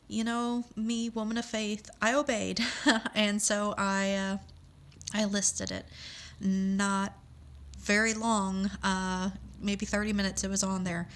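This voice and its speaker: A woman's voice: medium pitch, a bit bright. A middle-aged woman telling a personal story with feeling, acting out the voices of the people she quotes.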